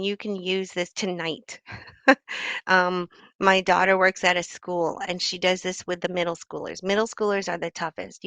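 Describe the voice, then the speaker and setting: A woman's voice: on the low side, a bit bright, no echo. A middle-aged woman and doctor giving a conversational talk on speaking up, often acting out the example phrases she teaches. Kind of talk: talk on assertive communication.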